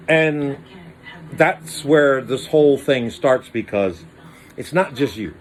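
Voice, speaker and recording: A man telling a rambling comic monologue in a slangy, animated way, jumping into high voices for quoted lines. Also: slow pace. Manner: animated, slangy, acts out voices with pitch jumps. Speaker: monologue storyteller.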